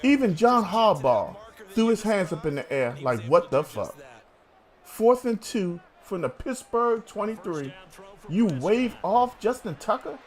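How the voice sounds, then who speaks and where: A man's voice: sits high, very animated, a little slow. A man hosting a sports talk show, arguing heatedly with a co-host, swearing and calling him bruh.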